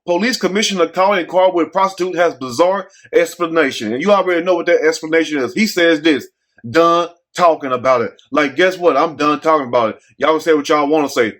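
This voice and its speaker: A man's voice: on the high side, a bit bright. A man hosting a casual commentary show, telling a story bluntly with jokes and rhetorical questions to his audience.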